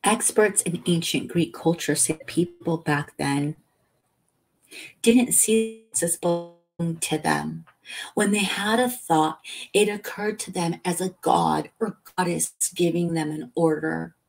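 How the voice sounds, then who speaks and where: A woman reading a novel aloud as a calm bedtime story, lifting her voice for the characters' lines. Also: fairly low pitch, measured pace, creaky. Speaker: audiobook reader.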